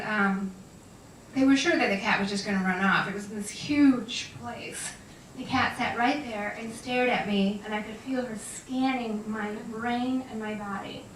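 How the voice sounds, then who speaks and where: A woman shares lively stories about talking with animals, laughing often. Her voice is bright and a little high. She sounds distant, in a reverberant room with faint noise. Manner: chatty, laughing, animated storyteller. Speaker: animal communicator. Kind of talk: storytelling talk to an audience.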